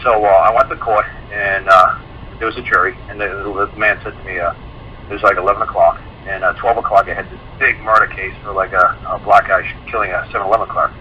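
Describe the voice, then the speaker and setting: A man's voice: deep voice, fairly even intonation, fast. A man casually telling a long personal story in a folksy way, laughing now and then and acting out both sides of conversations. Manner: folksy, laughing, quotes people in dialogue. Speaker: guest speaker telling a story. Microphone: phone or internet call. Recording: muffled call-in audio with faint hiss.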